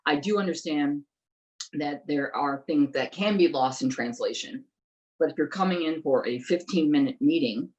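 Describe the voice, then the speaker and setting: A woman's voice: deep voice, normal speed, darkish tone, muffled recording. A middle-aged woman on a political discussion show who talks in an emphatic way, stumbling over words now and then. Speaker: interviewer, investigative journalist.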